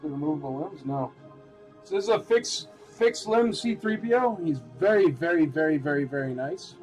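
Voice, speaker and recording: A man's voice: fairly high pitch, lively intonation, moderate pace, soft background music. A man hosting a casual live-stream auction, chatty and rambling with lots of filler words.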